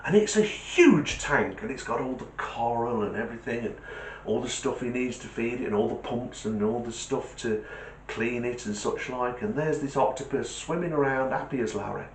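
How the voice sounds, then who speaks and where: A man hosting his channel, telling a joke as a chatty, animated storyteller. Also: medium pitch, normal speed, roomy sound, slight background noise, poor audio. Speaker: channel host.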